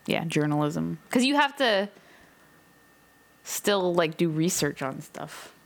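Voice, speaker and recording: Chatty woman with a lowish voice. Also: expressive, slow pace, creaky. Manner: chatty, lots of filler words, laughs often. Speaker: podcast co-host. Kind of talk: casual chat. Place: Seattle area.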